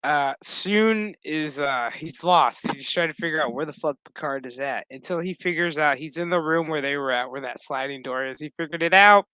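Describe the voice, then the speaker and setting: A man's voice: a little high, moderate pace, hardly any pauses, bright, forceful tone, clean tone, no room sound. A man giving a loose, profane, rambling recap of a TV episode, full of fillers. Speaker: TV episode reviewer.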